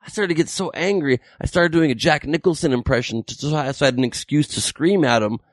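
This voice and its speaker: A man's voice: fairly high pitch, fast, no echo. A man, a comedian, telling a story casually and acting out the voices of the people in it. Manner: animated, acts out quoted voices.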